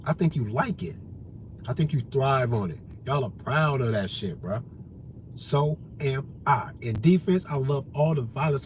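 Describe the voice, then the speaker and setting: A man's voice: a little high, slight background noise. A man in an unscripted monologue, talking straight at his listeners in a profane, confrontational, heated way. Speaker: vlogger.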